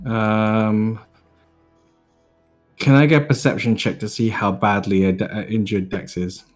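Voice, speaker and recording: A man at a tabletop game talks casually and puts rules questions to the game master. His voice sits at a middling pitch, and light music plays behind him. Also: steady tone, a little slow. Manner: chatty, asks rules questions. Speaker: player.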